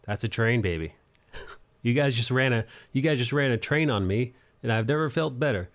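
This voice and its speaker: A man's voice: medium pitch, moderate pace. A young man hosting a live drawing stream, chatting loosely, laughing and thanking viewers for their support. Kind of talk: casual live-stream chat. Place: apartment in an old city building.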